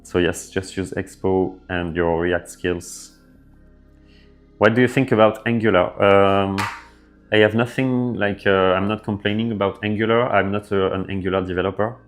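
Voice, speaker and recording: A man with a French accent, hosting a casual developer livestream and answering viewer questions in a relaxed way with lots of fillers. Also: low voice, moderate pace. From France. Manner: relaxed, filler-heavy, thinking aloud. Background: faint background music.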